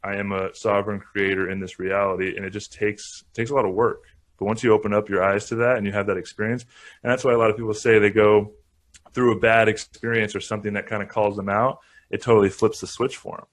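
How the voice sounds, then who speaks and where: Low, flat-voiced man, earnest. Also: fast talker. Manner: calm, earnest, speaks of self-responsibility. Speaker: podcast guest, former NFL player. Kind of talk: reflective interview talk.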